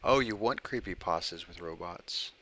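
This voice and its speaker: A man hosting a livestream, reading short creepy stories aloud and chatting with viewers between them, pausing deliberately between his words. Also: deep voice, a bit bright. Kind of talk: casual stream reading of short horror stories.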